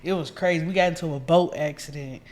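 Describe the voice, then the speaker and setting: A young man co-hosting a podcast, telling a story step by step in lively, casual slang. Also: fairly high pitch, fast. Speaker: podcast co-host. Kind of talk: casual travel recap chat.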